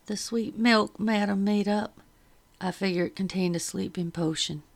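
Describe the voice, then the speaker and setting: A woman's voice: medium pitch, fairly even intonation, normal speed, vocal fry. A woman reading the part of a kindly older household servant woman who talks in a folksy, old-fashioned way. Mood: sorrowful.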